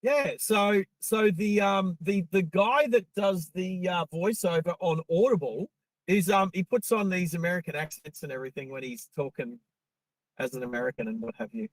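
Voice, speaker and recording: Man, high voice, rambling live-stream chat from the car, dry close sound. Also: expressive, moderate pace, dry recording, poor audio. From Australia. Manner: rambling and chatty, talking to viewers. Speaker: live-stream driving host. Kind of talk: casual live-stream chat while driving. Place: inside a car on the road.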